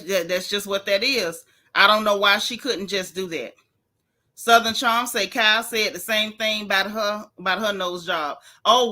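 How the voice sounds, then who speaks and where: Bright-voiced woman chatting loose and candid on her live stream, slangy and talking straight to her viewers. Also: medium pitch. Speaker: live-stream host recapping a reality show. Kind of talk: casual live-stream chat.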